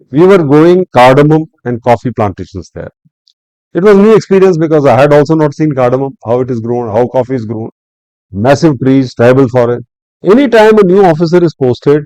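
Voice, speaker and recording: A man's voice: on the high side, no room sound, rough recording. An older man with an Indian English accent, a retired civil servant telling stories in a podcast interview, acting out his own angry words and drawing lessons from them. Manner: animated, acts out angry quotes, lecturing.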